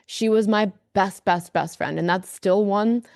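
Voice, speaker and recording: A woman's voice: mid-range voice, unhurried, gravelly, darkish tone, dry recording, clean studio sound. A woman as a podcast guest, speaking candidly and emphatically, with a lot of fillers. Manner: earnest, emphatic storyteller, many fillers.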